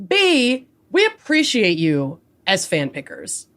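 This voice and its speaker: A woman's voice: medium pitch, huge pitch swings, slow pace, a bit bright. A woman from Minnesota co-hosting a true crime podcast, talking bluntly with lots of swearing. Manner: profane, blunt and emphatic. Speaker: podcast co-host. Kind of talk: casual chat.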